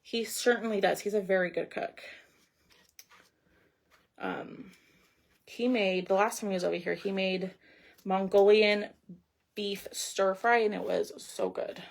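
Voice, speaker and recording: A woman's voice: mid-range voice, fairly even intonation, a little slow, gravelly, pauses often. A middle-aged woman, hosting a casual craft livestream and chatting with viewers as she works. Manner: chatty, reads viewer comments aloud while crafting.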